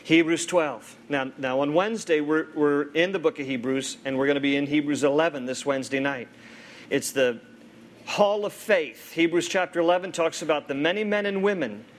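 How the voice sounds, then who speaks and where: A pastor delivers a sermon in a fairly high voice, shifting expressively between lively stories and quiet, earnest appeals to his congregation.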